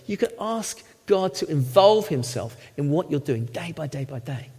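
Animated middle-aged man preaching in a hall. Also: on the high side, normal speed, hardly any pauses, breathy edge. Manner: emphatic, animated teaching with restarts and audience check-ins. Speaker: lay preacher, former lawyer. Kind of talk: sermon. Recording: long hall reverb.

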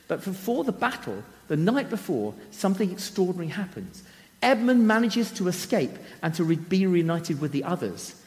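A man's voice: high voice, in a large hall. Man retelling a story dramatically. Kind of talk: storytelling talk.

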